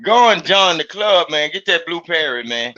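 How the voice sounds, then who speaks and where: A man from Mississippi talks loosely and profanely, circling back to repeat his points. His voice is forceful and bright, pitched a little high. The recording sounds muffled and lo-fi. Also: expressive, moderate pace. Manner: profane, emphatic, repeats himself to drive a point home. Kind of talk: casual chat.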